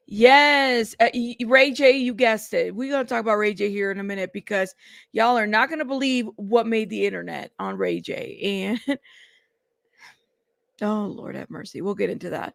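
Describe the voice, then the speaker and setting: Chatty woman livestream host, gravelly voice. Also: fairly high pitch, lively intonation, measured pace, dry recording, studio quality. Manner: greets chatters warmly by name, chatty. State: out of breath. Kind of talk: casual livestream chat.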